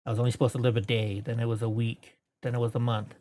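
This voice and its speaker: A mellow, medium-pitched man in his forties speaks at a quick pace with a level tone. As a guest in a relaxed interview, he tells long, wandering stories, fixing his own wording, laughing between anecdotes and putting on voices for quotes.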